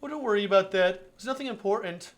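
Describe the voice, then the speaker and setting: A man's voice: high voice, quick pace, background noise, natural voice. A man reading as a goofy, cheerful schoolgirl. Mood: playful. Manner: playful, gentle, scolding lightly. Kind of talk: reading a visual novel aloud on stream.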